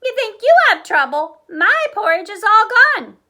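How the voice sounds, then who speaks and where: A woman doing a squeaky wailing baby bear. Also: very animated, moderate pace, bright, forceful tone, exaggerated voice. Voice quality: squeaky, high-pitched. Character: tiny wailing baby bear cub, whiny.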